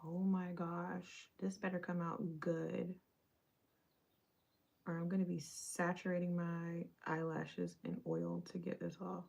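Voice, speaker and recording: Young woman livestreamer, gravelly voice, casual chatty read. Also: lowish voice, slow, darkish tone. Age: young adult. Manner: chatty, talks to viewers while doing her makeup.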